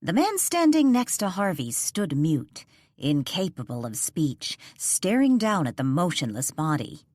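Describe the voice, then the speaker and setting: A woman narrating a ghost mystery audiobook in a measured, suspenseful way on a close studio mic. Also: low-pitched, big pitch swings, darkish tone, no echo. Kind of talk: scripted narration.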